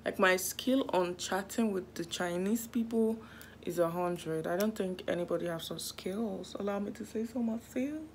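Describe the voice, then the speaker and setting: A woman's voice: medium pitch, normal speed, slight background noise. A Nigerian woman chatting casually in a home vlog from her bedroom, full of dramatic asides and sometimes dropping to a whisper. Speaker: vlogger.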